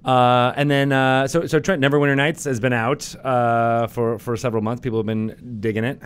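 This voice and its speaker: A man's voice: medium pitch, steady tone, moderate pace, clean tone. Man, podcast host, casual chat, playful, laughs often, asks questions.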